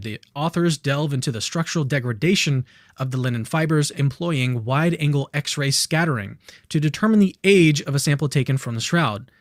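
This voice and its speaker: A man's voice: medium pitch, no echo, clean studio sound. A male podcast host reading a text aloud and explaining it, with casual, chatty asides.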